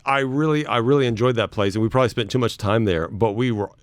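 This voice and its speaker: A man, a radio host talking through a road trip in relaxed, rambling casual chat. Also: mid-range voice, fast, clear, resonant tone, no echo, studio quality. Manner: laid-back, chatty, repeats words.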